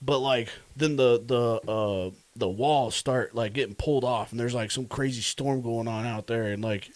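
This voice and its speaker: A man co-hosting a podcast in casual chat, recounting a story with animated delivery, frequent laughs and fillers. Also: medium pitch, normal speed, no room sound. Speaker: podcast co-host.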